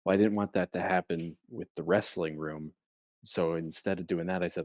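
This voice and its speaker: A young man with a low, deep voice chats casually as a comedy podcast co-host. He spins long, playful, rambling stories. The sound is dry and close, with no room echo. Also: fairly even intonation, moderate pace, a little mellow.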